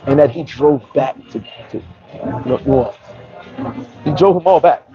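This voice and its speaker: A man telling a story in a casual, animated, slangy way and often restarting his sentences. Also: mid-range voice, a little slow, dull audio, faint music behind. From New York. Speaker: vlogger.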